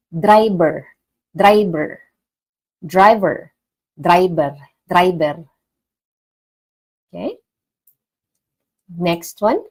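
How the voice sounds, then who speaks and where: A woman teaching vocabulary in a casual online lesson, repeating each word clearly for learners. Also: mid-range voice, low-quality recording. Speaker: language teacher.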